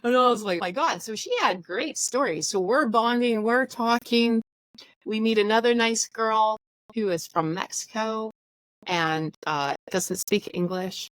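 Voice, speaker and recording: A woman's voice: on the high side, measured pace, dry recording, low-quality recording. Chatty woman telling a story, dry sound. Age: adult with school-age or older children. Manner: chatty, animated, acts out dialogue. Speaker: podcast host sharing her story. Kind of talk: casual storytelling.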